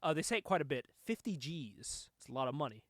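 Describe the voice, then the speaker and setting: A man's voice: a little high, very animated, fast talker, dry recording, studio quality. Giggly man recapping a comic. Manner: laughs often, recaps with lots of filler words. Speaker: comic review podcast host. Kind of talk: casual comic book recap.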